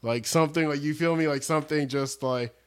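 A man's voice: a little high, brisk, clear, resonant tone. A young man co-hosting a casual chat podcast, rambling and joking, often restarting his sentences. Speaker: podcast co-host.

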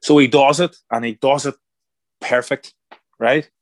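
A man telling a story in an interview as a guest, animated and acting out the voices of people he quotes. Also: mid-range voice, a little slow, no room sound. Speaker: guest, former boxer turned actor.

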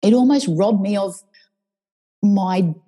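A woman, a podcast guest telling a personal story in an emotional, animated way. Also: medium pitch, slow pace, poor audio. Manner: emotional, animated, swears freely.

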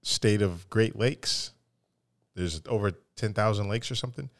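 Very deep-voiced laid-back man. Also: measured pace, no echo, clean studio sound. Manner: laid-back, swears casually, lists places he has been. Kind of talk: casual chat.

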